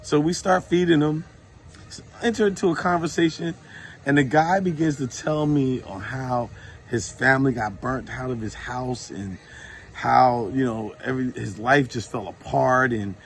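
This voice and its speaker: A man casually telling true faith stories, informal and lively when he retells what people said. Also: medium pitch, normal speed, slight background noise. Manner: informal, animated when retelling dialogue, many fillers. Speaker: Christian storyteller. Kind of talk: casual testimony to a phone camera.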